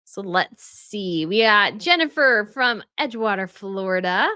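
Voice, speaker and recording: A woman's voice: mid-range voice, expressive, measured pace, bright, forceful tone, clear, resonant tone, no echo, clean studio sound. A woman hosting a casual livestream, chatting with viewers and reading their comments aloud, often laughing as she goes. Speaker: royal news livestream host.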